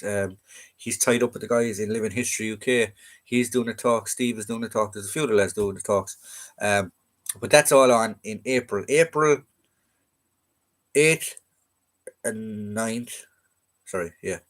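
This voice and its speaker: A man with an Irish accent sits with a fairly low voice, hosting a relaxed live stream for viewers. He rambles along easily, dropping in ums and starting sentences over as he goes. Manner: rambling, easygoing, many fillers and restarts. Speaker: livestream host.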